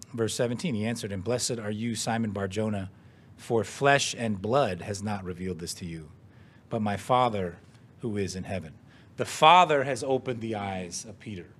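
A man, the pastor, preaching a sermon in a measured, earnest way, stressing key words and asking rhetorical questions, and now and then clearing his throat. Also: lowish voice.

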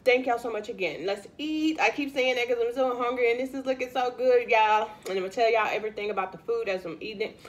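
Speaking fast in a slightly high voice, this mukbang host from Louisiana, US, chats casually with her audience. She says y'all to viewers and pauses to eat between lines.

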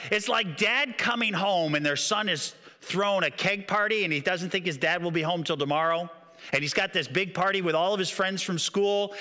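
Brief: bright, sharp-toned male pastor, lively storyteller, sermon in a long-reverb hall. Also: high voice. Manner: animated, storytelling, repeats words when excited.

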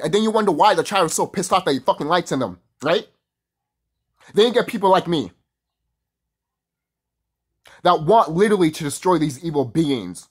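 A man's voice: fairly high pitch, expressive, moderate pace, slightly rough. A man ranting casually to camera in a profane, heated and rambling way. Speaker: vlogger.

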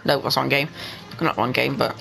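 A young man giving excitable let's-play commentary, talking to the game and to his viewers and bursting into yells. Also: mid-range voice, normal speed, gravelly, faint music behind, rough recording. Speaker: gaming channel host.

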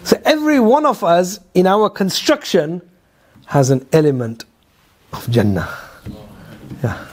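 A man with a high-pitched voice delivers a religious lecture as a Quran teacher. He tells the story in a storytelling way, asks his listeners rhetorical questions and breaks off into asides. He often hesitates on fillers and repeats words. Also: huge pitch swings, unhurried, pauses often, darkish tone.

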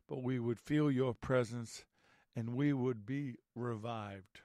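Man, slightly raspy voice, earnest prayerful delivery, dry close sound. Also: mid-range voice, steady tone, measured pace, a little mellow, no room sound. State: raspy from allergies. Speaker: host and Bible teacher. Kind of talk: prayer and Bible teaching.

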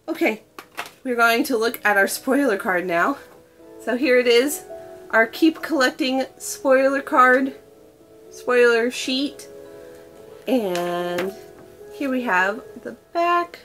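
A young woman talks her way through an unboxing with gushing, breathless delight, gasping at every reveal. Her voice sits a little high. Soft music plays faintly underneath. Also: takes it slowly, long pauses. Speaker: unboxing vlogger. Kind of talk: excited unboxing chat.

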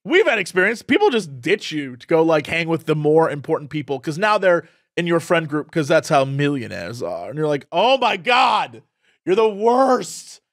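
Lively high-voiced man ranting on a podcast. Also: brisk, no echo, clean studio sound. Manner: animated, opinionated ranting. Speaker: podcast co-host. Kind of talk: casual chat.

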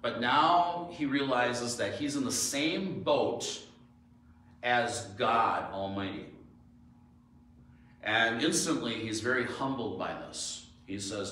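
A man's voice: medium pitch, slow pace, bright, forceful tone. A man preaching as a pastor, telling stories and asking his listeners rhetorical questions with emphasis. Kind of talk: sermon. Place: church sanctuary. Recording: echoey church from far off.

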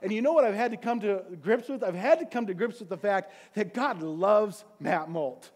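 A man preaching a sermon as pastor, passionate, swinging from quiet, quick asides to loud, drawn-out peaks. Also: high-pitched, expressive. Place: church sanctuary.

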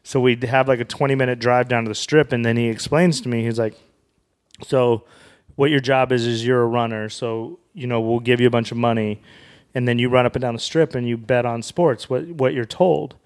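A young man from Wyoming tells a long story in a relaxed, rambling way, the way a comedian talks when he is a podcast guest. His voice sits at an ordinary middle pitch. He keeps stopping to quote the people in his story. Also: a little fast. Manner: rambling anecdotal telling with quoted dialogue. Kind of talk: casual storytelling in a podcast interview.

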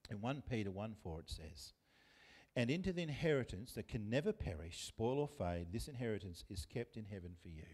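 A man's voice: lowish voice, sing-song, a little fast, darkish tone. A man with an Australian accent preaching a sermon as pastor, talking conversationally and putting questions to the congregation. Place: church.

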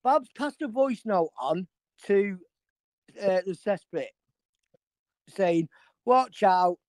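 A woman's voice: mid-range voice, expressive, slow, a little mellow, no echo. Defensive, swearing woman on a panel. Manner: defensive, cursing, keeps interrupting to answer. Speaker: livestream panelist. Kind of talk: heated argument on a live panel.

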